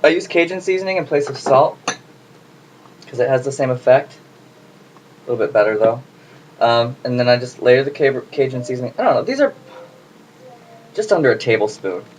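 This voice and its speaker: A man's voice: medium pitch, big pitch swings, fairly quick, long pauses. A man hosting a casual home cooking video, chatty and jokey as he talks to the camera while he works in his kitchen. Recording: noisy home recording.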